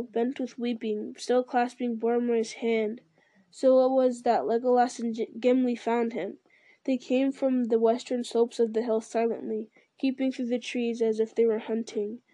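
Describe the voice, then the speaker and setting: Woman reading a story in a flat voice. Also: fairly high pitch. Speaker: reader. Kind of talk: storybook narration.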